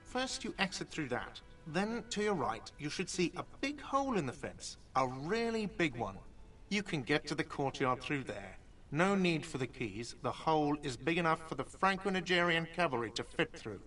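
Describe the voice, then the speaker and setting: Brief: touchy, whiny cafeteria boss, lively pitch, a bit off-mic. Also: male voice, normal speed, far from the mic, faint music behind. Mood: snide. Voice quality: whiny, defensive. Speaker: game character.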